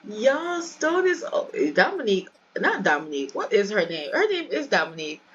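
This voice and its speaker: A woman's voice: mid-range voice, sing-song, normal speed, husky, dull audio. A woman hosting a let's play, giving chatty, casual commentary and addressing viewers directly.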